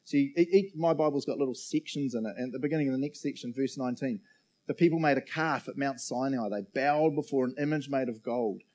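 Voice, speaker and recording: Chatty New pastor, mellow voice. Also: male voice, medium pitch, fast. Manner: chatty, jokey, laughs often, asks the room. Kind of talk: sermon. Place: church auditorium.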